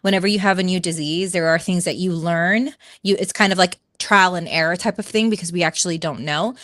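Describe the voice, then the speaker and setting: A woman's voice: lowish voice, fairly quick, a bit bright, dry recording, clean studio sound. A woman from the United States, a panelist in a casual political debate, explaining her view earnestly with many fillers.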